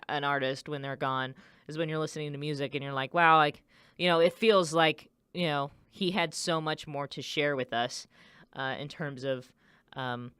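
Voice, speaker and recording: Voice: medium pitch, fairly bright tone, clear, resonant tone, no echo. A radio DJ chatting casually, rambling with many fillers and self-corrections. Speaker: radio DJ host.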